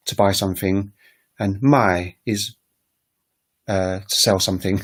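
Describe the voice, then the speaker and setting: A man hosting a language-learning livestream, talking casually and without a script, often pausing with "um" and sounding out example words to show tones. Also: lowish voice. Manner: unscripted, pauses often with "um". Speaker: language-learning channel host.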